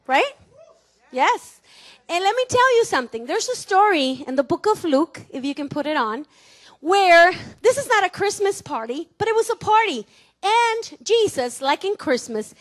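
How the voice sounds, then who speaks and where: A high-pitched woman with a Mexican Spanish accent preaches a sermon in a church. She teases her congregation, laughs easily and has them repeat words back to her. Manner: playful, laughing, calls for congregation responses. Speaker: pastor. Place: church sanctuary.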